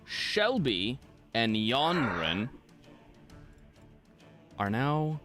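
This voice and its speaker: A man's voice: medium pitch, sing-song, extremely slow, fairly bright tone, faint music behind. A man running a live tabletop game as dungeon master, explaining rules and rulings. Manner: rules-focused, explanatory, laughs easily.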